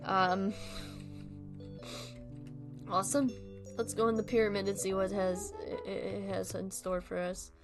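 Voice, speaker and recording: A woman's voice: medium pitch, level tone, unhurried, pauses often, over music. A young adult woman streaming a game, chatting casually and laughing often. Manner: giggly, chatty, swearing freely.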